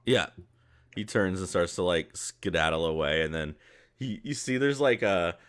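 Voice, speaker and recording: A man narrating as game master in a tabletop game, relaxed and rambling with fillers. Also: low voice, moderate pace.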